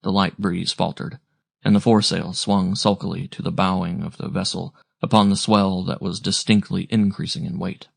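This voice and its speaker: A man narrating a classic sea story aloud in a measured, descriptive storytelling manner. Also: low voice, little pitch movement, gravelly, breathy edge, no echo, clean studio sound. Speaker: audiobook narrator.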